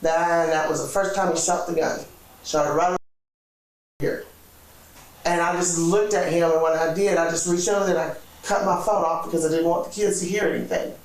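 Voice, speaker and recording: Woman, interview subject; animated retelling that acts out every quote. Echoey room, mic well off. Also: fairly low pitch, brisk, far from the mic. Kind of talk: recounting events in an interview.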